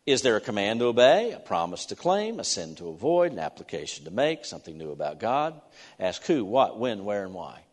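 A man preaching a sermon in a church, earnest and halting, with restarts as he talks. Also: on the low side, very animated. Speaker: pastor. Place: church sanctuary. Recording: long hall reverb.

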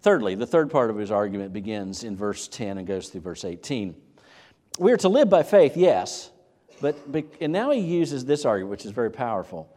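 A man preaching a sermon as pastor, animated, asking rhetorical questions and repeating words as he builds his point. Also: mid-range voice, moderate pace.

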